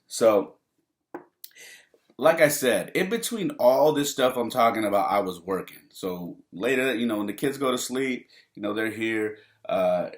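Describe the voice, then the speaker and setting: A man with a low voice talks through a personal story on his solo podcast. His delivery is relaxed and rambling, full of "you know" and "man", with frequent chuckles. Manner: laid-back, rambling, laughs often, says "man" and "you know". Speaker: podcast host.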